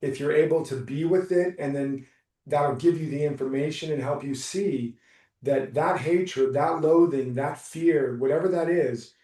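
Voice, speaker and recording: Mellow-voiced male coach, roomy and distant. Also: a little high. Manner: soft, reassuring, unhurried. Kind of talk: live coaching session.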